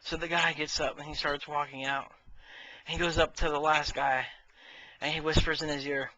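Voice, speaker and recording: A man's voice: on the high side, flat delivery, normal speed, bright, forceful tone, dry recording, rough recording. A man casually telling jokes in a chatty, self-amused way as a vlogger.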